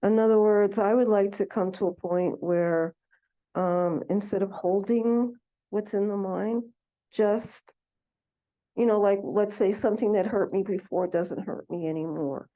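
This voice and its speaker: A woman's voice: mid-range voice, fairly even intonation, measured pace, mellow. A woman in a class, asking hesitantly how to let go, often restarting as she searches for words. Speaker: class participant. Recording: dull lo-fi recording.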